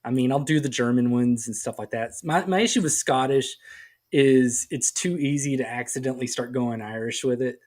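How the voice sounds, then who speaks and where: A man's voice: medium pitch, normal speed, darkish tone. Rambling, self-mocking male podcast co-host. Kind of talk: casual comedic chat. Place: podcast recording.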